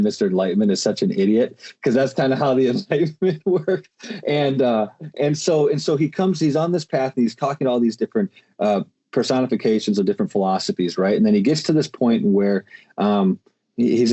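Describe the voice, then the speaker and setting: A man hosts a podcast, talking casually and rambling with frequent fillers and restarts. His mid-range voice is warm and husky, and he talks a little fast.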